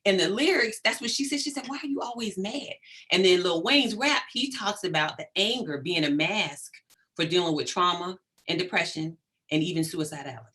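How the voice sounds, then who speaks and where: A middle-aged woman, a psychologist guest in an interview, talking in an animated, emphatic way and checking in often with "right?". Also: lowish voice, brisk. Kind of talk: conversational interview.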